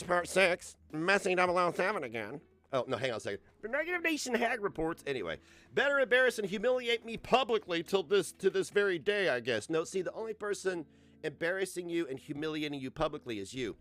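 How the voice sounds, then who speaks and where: A man's voice: medium pitch, a bit bright. A man ranting sarcastically in a reaction commentary, mocking and swearing freely. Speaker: commentary streamer.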